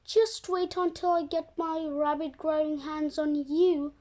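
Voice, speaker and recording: A young reader voicing an angry, red-faced male farmer who booms threats. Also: flat delivery, unhurried, darkish tone. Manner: booming threats.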